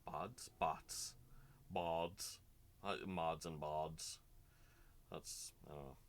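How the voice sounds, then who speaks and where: With a rumbling low voice, a steady tone, and a slow pace, a man streams a casual painting session. He chats and rambles to his viewers while he works.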